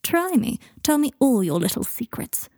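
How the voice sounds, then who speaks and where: A woman reading a cool, clipped, sardonic wizard in an audiobook, husky mellow voice, dry close sound, talking with icy politeness. Haughty and guarded. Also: on the high side, sing-song, moderate pace, no echo, voice pushed up. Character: aloof, sardonic male wizard.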